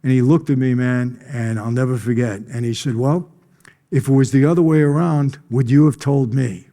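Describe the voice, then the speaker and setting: Mellow-voiced man telling a gripping story. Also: medium pitch, steady tone, normal speed, long reverb tail. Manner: emphatic, conversational, often clears throat. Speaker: conference speaker. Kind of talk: personal storytelling talk. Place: conference stage.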